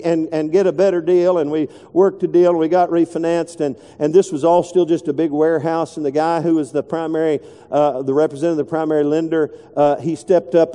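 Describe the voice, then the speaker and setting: A middle-aged man, telling a folksy story in a sermon and dropping his voice low when he quotes people. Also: dark tone. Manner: folksy, repetitive, drops voice low when quoting. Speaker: pastor. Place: large church sanctuary. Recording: long echo of a big hall.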